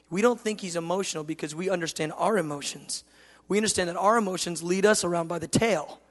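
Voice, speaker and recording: A male preacher telling a humorous sermon story, animated and jokey, acting out the dialogue himself. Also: high-pitched, fast talker, long reverb tail.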